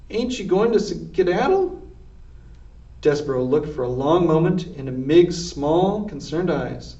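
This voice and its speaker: A man with a fairly high voice reads a children's storybook aloud with plenty of expression. He sounds far from the mic in an echoey room, and the recording is dull. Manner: expressive read-aloud narration. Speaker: reader. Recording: distant roomy lo-fi recording.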